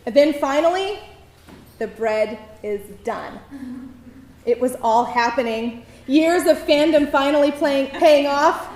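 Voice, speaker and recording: Woman, live stage storytelling, wry and self-mocking, high voice, roomy echo. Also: slow pace, a little mellow. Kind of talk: live personal storytelling performance. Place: theater stage before an audience. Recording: roomy venue echo, faint noise.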